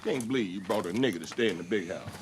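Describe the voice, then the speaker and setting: Man playing an old house servant, spiteful, low voice, rapid-fire muttering, period film drama. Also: expressive, slight background noise, lightly acted. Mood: indignant.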